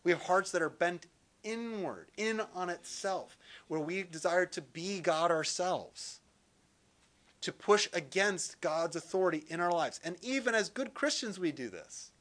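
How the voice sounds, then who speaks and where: A man teaching a Bible session in sermon style, animated and lively, acting out quotes with jokey asides. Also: high voice, a little slow.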